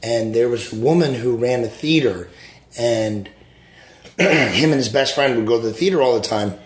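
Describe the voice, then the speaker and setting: A man's voice: mid-range voice, normal speed, roomy sound. A man hosting a podcast in casual chat, easygoing and telling anecdotes with some hesitation. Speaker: podcast host.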